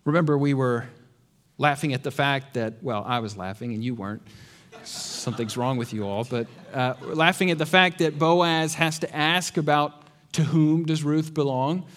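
A man's voice: on the high side, normal speed, fairly bright tone. A man preaching a sermon, with rhetorical questions and dry sarcastic asides. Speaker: pastor.

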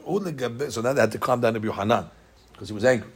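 A man teaching a Talmud study class in quick, halting English full of Hebrew and Aramaic terms, often repeating words. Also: mid-range voice, vocal fry.

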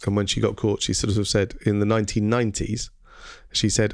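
A man's voice: fairly low pitch, little pitch movement, a little fast, no room sound, studio quality. A man hosting a casual educational podcast, talking with frequent ums and quizzing his co-host.

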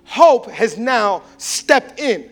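High-voiced man preaching with fervor. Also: expressive, drawn-out words, soft background music. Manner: impassioned preaching that swings from shouts to hushed tones. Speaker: pastor. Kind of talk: sermon.

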